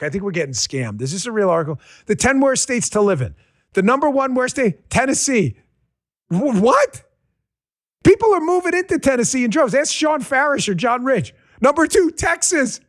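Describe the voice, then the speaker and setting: A man's voice: extremely high pitch, big pitch swings, a little fast. A man hosting a political talk show, ranting sarcastically and repeating his punchlines for emphasis while talking straight to his audience and crew.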